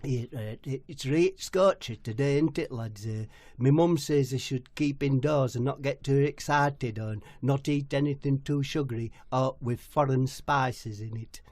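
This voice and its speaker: A man voicing a timid, fussy young man who speaks hesitantly in a low, quiet voice. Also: measured pace, few pauses, dry recording, lightly acted. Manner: mumbling, hesitant.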